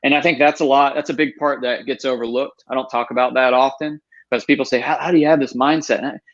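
A man's voice: mid-range voice, fairly even intonation, fast, fairly bright tone. A man in his thirties, a guest telling his story with earnest emphasis and quoting what he said to himself. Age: 30s. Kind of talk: storytelling interview. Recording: dull lo-fi sound.

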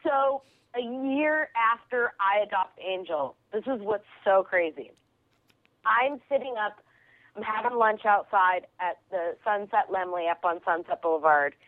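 Over the phone, a woman comedian and actress appearing as an interview guest tells an animated story, full of big energy, quick laughs, and voices for the people she meets. Her mid-range voice sounds thin and tinny, with no room sound at all.

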